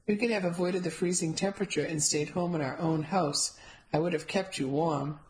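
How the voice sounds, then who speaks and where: A grumbling, exasperated young husband who is still fond at heart, as a woman reads him. The voice stays close to the reader's own low, even tone. He is a character in a spoken novel. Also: moderate pace, close to an everyday voice, low-quality recording. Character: grumbling young husband, grudging but affectionate.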